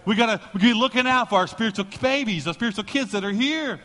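Male pastor, sermon, high bright voice, storytelling, joking, long hall reverb. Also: quick pace. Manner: storytelling, joking, animated preaching.

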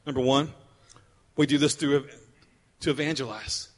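A man preaching a sermon as pastor, driving his points home through repetition and moving between loud, emphatic stretches and low, quiet ones. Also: moderate pace. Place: church sanctuary. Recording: long hall reverb.

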